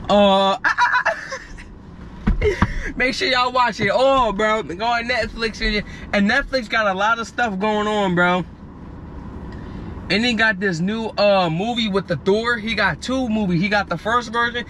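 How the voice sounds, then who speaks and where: A man's voice: sits high, pushed and bright, a little hiss or hum. A young man vlogging from a car, telling loose, slangy, rambling stories in casual chat. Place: parked car outdoors.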